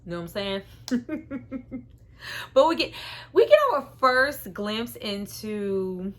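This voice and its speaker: A woman hosting a casual film review vlog, talking in an animated, slangy way and laughing between remarks. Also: mid-range voice, slow.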